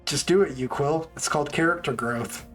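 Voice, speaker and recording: Laid-back male game master, slightly high voice. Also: moderate pace, fairly bright tone, faint music behind. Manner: casual, laughs often, rambling asides. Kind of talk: narrating a tabletop game.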